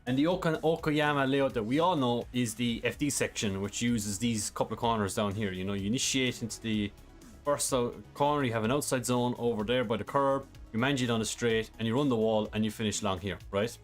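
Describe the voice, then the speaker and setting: A man's voice: medium pitch, fairly quick. Casual guy streaming a racing sim, lots of ums, faint music behind. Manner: casual, rambling, many fillers. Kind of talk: live game stream, reading chat.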